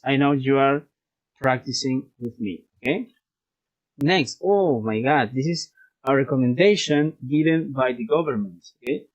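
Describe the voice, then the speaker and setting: A man's voice: medium pitch, poor audio. A man teaching an online English class, patiently drilling words and repeating each one, slipping into Spanish to explain.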